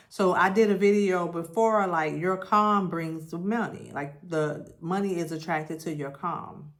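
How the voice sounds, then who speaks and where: Slow, low-voiced woman reading tarot. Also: fairly bright tone. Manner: slow, repetitive, affirmation-style. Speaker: tarot reader. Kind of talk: spiritual tarot reading monologue.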